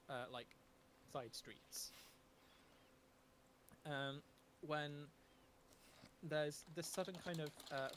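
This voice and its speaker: A man's voice: on the high side, fairly bright tone, slight background noise. A man narrating a tabletop game as game master, talking with many ums and restarts.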